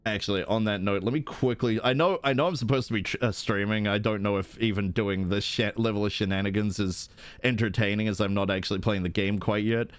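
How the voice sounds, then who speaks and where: Excitable male streamer, dry close sound. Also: moderate pace, clean tone, no echo. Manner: excitable, jumps to high-pitched bursts; rambling with restarts. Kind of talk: live-stream chat while gaming.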